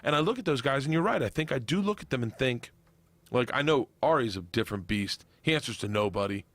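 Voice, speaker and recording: Excitable, rambling comedian man. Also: medium pitch, fast, no room sound. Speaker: stand-up comedian, guest. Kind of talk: casual podcast chat.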